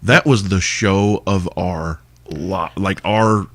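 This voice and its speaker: A man hosting a podcast, telling band stories in casual chat, animated and swearing freely. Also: low voice, slow pace, no room sound. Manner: animated, swears freely, acts out quotes loudly. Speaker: podcast host, former band singer.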